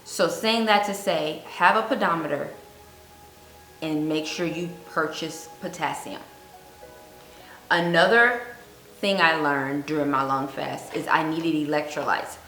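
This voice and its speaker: A woman giving earnest fasting advice on her vlog, telling a personal story and repeating points for emphasis. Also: sits low, pushed and bright. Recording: echoey room with faint music.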